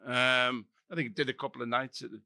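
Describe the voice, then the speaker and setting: A man's voice: mid-range voice, fairly even intonation, fast talker, creaky, pushed and bright, dry recording, clean studio sound. An older man hosting a live comedy podcast, telling sardonic, sweary, rambling anecdotes. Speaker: podcast host. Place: comedy venue stage before a live audience.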